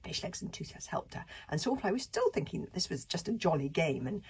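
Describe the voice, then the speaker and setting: A woman reads a children's novel aloud, pausing for casual comments on the story. Her voice is low and very breathy, and it rises and falls a lot. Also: sing-song, a little mellow. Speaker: reader. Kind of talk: reading a book aloud with casual asides.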